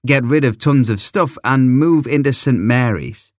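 A man reading a children's story aloud as a first-person narrator, in a lively, expressive way into a close microphone. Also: mid-range voice, unhurried, dry recording. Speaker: audiobook reader.

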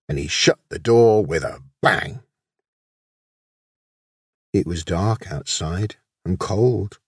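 A man reading his own children's story aloud, expressive and gentle. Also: low-pitched, takes it slowly, pauses often, husky, dry recording, clean studio sound.

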